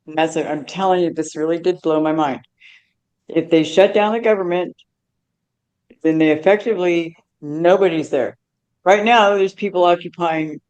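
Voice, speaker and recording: A woman co-hosting a political livestream, talking earnestly with many halting repeats. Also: lowish voice, a little mellow. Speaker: livestream co-host. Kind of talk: casual political chat.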